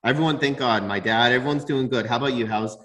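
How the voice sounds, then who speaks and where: Man, podcast co-host, casual chat, excitable, repeats himself, mid pitch. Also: quick pace. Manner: excitable storyteller, repeats words, bursts into laughter.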